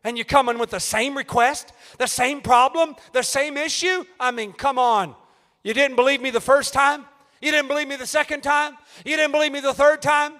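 A man preaching at a youth meeting, swinging from shouted appeals down to hushed, near-whispered lines. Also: very high-pitched, fairly even intonation, normal speed. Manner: rises to shouted calls, then drops to near-whispers. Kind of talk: fiery sermon. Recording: reverberant church hall.

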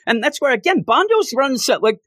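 Lively man animatedly recapping a manga. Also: very high-pitched, a little fast, no room sound. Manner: animated storyteller acting out characters' lines. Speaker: podcast co-host. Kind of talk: casual chat recapping a manga chapter.

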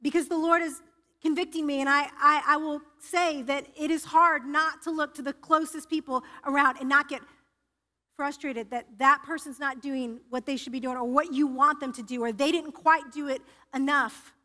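A woman's voice: sits high, fairly even intonation, normal speed, bright, forceful tone. A woman preacher giving a personal, confessional sermon in a church, often restarting her sentences. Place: church sanctuary. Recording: reverberant church hall.

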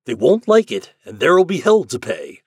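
A man voicing a scheming, chubby male propaganda chief in an audiobook story, pushy and persuasive, pitched a little higher than his narration. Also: big pitch swings, moderate pace, husky, dry recording, clean studio sound. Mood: persuading.

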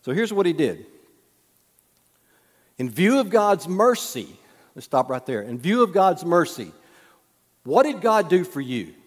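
A man preaching a sermon, telling folksy stories with humorous asides and dropping to a soft hush at times. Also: a little high, big pitch swings, measured pace, pauses often. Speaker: pastor. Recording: long hall reverb.

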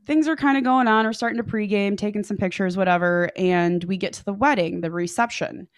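A woman's voice: mid-range voice, a little fast, dry recording. Young woman storyteller, swears freely, chatty, dry close sound. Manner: profane, breezy, chatty. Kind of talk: casual podcast storytelling.

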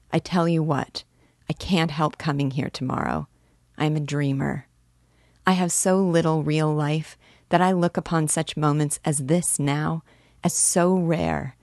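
A woman narrating a literary audiobook in a soft, reflective, unhurried manner. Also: sits low, no room sound, studio quality.

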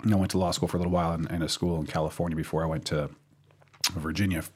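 A man's voice: low voice, flat delivery, very fast, a little mellow, slightly rough. A man co-hosting a podcast, chatting casually and wryly with frequent restarts and fillers. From United States. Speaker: podcast co-host.

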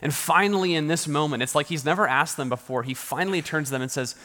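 A man preaching a sermon in a relaxed, conversational way, often restarting his sentences and laughing lightly. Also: on the high side, fast talker. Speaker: pastor. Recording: reverberant hall.

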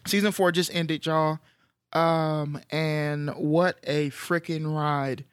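A man co-hosting a podcast, chatting casually in a relaxed, rambling way with slang and fillers. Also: fairly high pitch, takes it slowly, clean tone, no room sound, studio quality. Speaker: podcast co-host. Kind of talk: casual chat.

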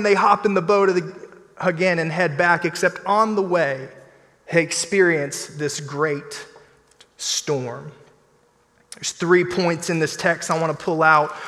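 A man preaching a sermon as pastor, in an animated, conversational style with playful asides. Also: a little high. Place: church sanctuary. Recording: long church hall reverb.

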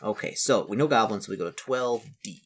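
A man's voice: lowish voice, fairly quick, husky. A man reading a solo fantasy gamebook aloud and musing over his choices in a chatty, self-correcting way. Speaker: solo gamebook player and narrator.

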